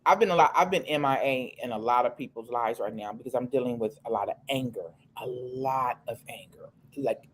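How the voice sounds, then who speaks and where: A woman's voice: rumbling low, a little fast, few pauses, slight background noise. A woman co-hosting a casual talk show, speaking frankly and emphatically, often restarting her sentences. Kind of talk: casual chat.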